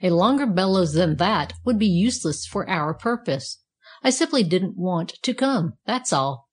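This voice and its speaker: A woman's voice: fairly low pitch, expressive, measured pace, slightly rough. A woman voicing a grumpy, contrary talking bellows in a read-aloud storybook, speaking bluntly and curtly.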